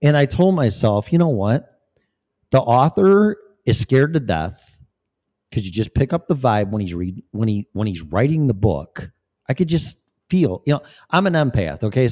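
A man's voice: medium pitch, big pitch swings, normal speed, a little mellow. A man talking in a rambling, profane, preachy monologue as a vlogger. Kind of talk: casual monologue.

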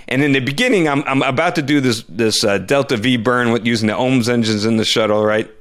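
A man co-hosting a podcast, telling a story in a casual, animated way, often stumbling and repeating words. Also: mid-range voice, fairly quick. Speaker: podcast co-host.

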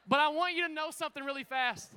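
A man pastor preaching an energetic sermon, calling out to the congregation, a little out of breath. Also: very high-pitched, fast talker. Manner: emphatic preaching with call-outs to the congregation.

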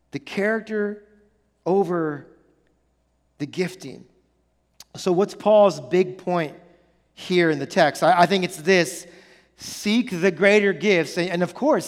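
A man's voice: sits high, expressive, measured pace, big-room sound. A man preaching a sermon as pastor, earnest and emphatic, repeating key phrases and restarting sentences often.

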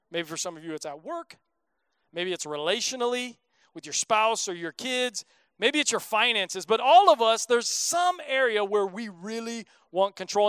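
A man's voice: high-pitched, fairly bright tone, clear, resonant tone, dry recording. A man in his thirties preaching a sermon as a pastor, in a casual, joking, conversational way.

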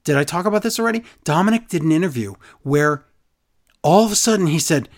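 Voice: mid-range voice, fast. Sarcastic podcast host ranting about wrestling, voice jumps all over the place, acts out lines. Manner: animated, sarcastic, acts out quotes. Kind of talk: casual chat.

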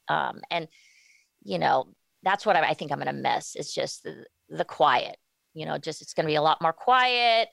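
A woman in her forties speaks candidly as a guest in an interview, stopping and restarting her thoughts as she goes. Her voice sits a little low. The sound is dry and close, with no room in it. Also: gravelly, fairly bright tone, no echo. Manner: candid, halting with many restarts. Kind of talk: casual interview talk.

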